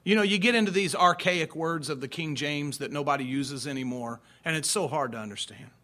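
High, bright-voiced preaching man in his forties. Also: brisk. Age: 40s. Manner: folksy, conversational preaching with rhetorical questions. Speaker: pastor. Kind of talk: sermon.

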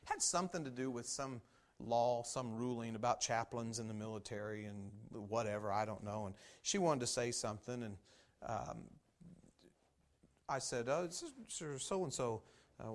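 A man preaching a sermon as pastor, folksy and animated, with many fillers and asides. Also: medium pitch.

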